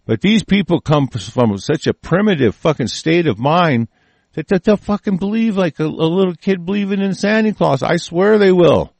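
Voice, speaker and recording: A man with a gravelly, rough voice rants angrily, swearing constantly and breaking off to restart his thoughts. His delivery is dry and close, with no room sound around it. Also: high voice, lively intonation, moderate pace, a little mellow, no room sound. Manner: angry, profane, rambling with restarts. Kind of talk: profane ranting commentary.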